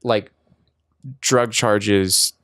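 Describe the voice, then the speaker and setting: A man's voice: fairly low pitch, fairly even intonation, drawn-out words, fairly bright tone, dry recording, studio quality. A man co-hosting a podcast in casual chat, agreeable and chiming in often. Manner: agreeable, chimes in with backchannels. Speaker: podcast co-host.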